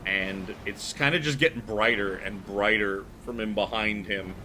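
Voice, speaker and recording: A man's voice: fairly low pitch, a little slow, sharp tone, a little hiss or hum. A man running a tabletop horror game, narrating loosely with lots of "like" and fillers. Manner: loose, filler-heavy storytelling with frequent "like". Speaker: game master.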